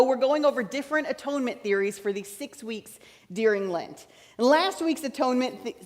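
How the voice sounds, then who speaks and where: Chatty woman preacher in a church. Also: on the high side. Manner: chatty, explaining, repeats key points. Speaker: pastor. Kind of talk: sermon with teaching tone. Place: large church sanctuary. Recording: church hall reverb.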